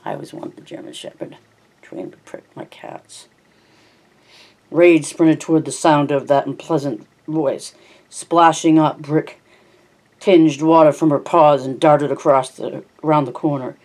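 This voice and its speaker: An unhurried amateur narrator reads a first-person novel, tripping over words and correcting them. The voice is medium-pitched and a little mellow, with fairly even intonation.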